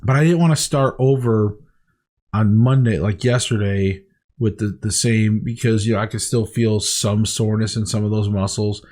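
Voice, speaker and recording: A man's voice: fairly low pitch, steady tone, normal speed, a little mellow. A man talking candidly to camera in a diet vlog, rambling and heartfelt with frequent restarts. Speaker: weight-loss diary vlogger.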